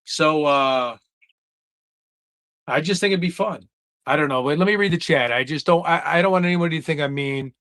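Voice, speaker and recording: Man, livestream host, heated and profane, repetitive taunts, fairly high voice, dry close sound. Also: normal speed, pauses often, a bit bright, no echo. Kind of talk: livestream rant.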